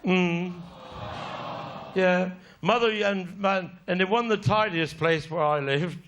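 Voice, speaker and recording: Cornish bloke spinning cheeky swear-filled yarns, highish bright voice. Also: male voice, takes it slowly, a little hiss or hum. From Cornwall. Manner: rambling earthy yarn-spinning with cheeky swearing. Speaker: stand-up comedian. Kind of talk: live stand-up storytelling.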